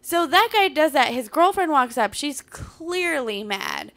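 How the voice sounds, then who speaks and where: A woman comedian co-hosting a podcast, telling a story in casual chat, animated, blunt and profane. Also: sits high, unhurried.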